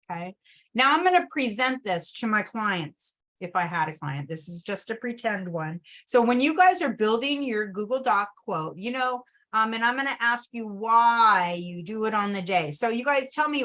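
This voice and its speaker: A woman's voice: a little high, a bit bright. Chatty woman walking through a screen-share tutorial. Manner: chatty, addresses viewers as "you guys", frequent "okay?". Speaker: travel agent trainer.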